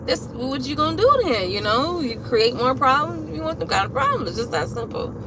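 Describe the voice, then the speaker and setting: A woman chatting casually and venting in a car, profane and animated, with frequent laughs. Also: high-pitched, normal speed, hardly any pauses, noisy background. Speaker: tarot reader vlogger. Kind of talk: casual venting chat while driving.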